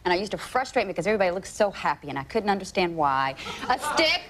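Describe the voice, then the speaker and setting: A woman's voice: mid-range voice, big pitch swings, fast talker, a crowd in the background. A woman, chatting as a talk show guest and telling stories with playful exaggeration. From North Carolina, US. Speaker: actress guest. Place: television studio with live audience.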